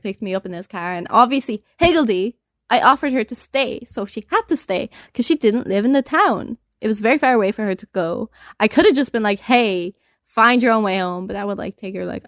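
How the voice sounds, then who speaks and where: A woman's voice: mid-range voice, no room sound. A young woman, hosting a podcast and telling a story in a casual, sweary, laughing way. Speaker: podcast host.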